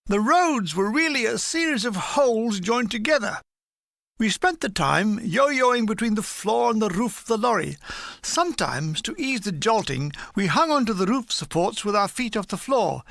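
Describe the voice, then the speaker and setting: A woman's voice: medium pitch, big pitch swings, normal speed, vocal fry, a bit bright, no echo. Older lady reading a funny memoir, dry timing, lots of ups and downs in her voice. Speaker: reader.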